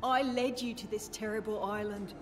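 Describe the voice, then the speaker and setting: A woman's voice: medium pitch, fairly even intonation, moderate pace, natural voice. A woman voicing a remorseful female creature explorer in a video game, speaking in an earnest, dramatic way. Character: guilt-ridden female creature explorer, self-sacrificing. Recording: long hall reverb, faint music.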